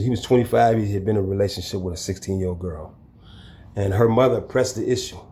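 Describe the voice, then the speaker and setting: A man telling a story from his own life in a casual, lively way, acting out the people in it. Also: lowish voice. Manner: animated, acts out the people in his story, chuckles. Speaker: storyteller recounting his prison time. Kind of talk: casual spoken storytelling to camera.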